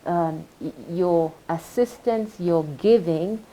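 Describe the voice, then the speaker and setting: A woman, a hospital administrator on a panel, speaking emotionally and haltingly with repeated words. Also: fairly low pitch, mellow. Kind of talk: panel discussion.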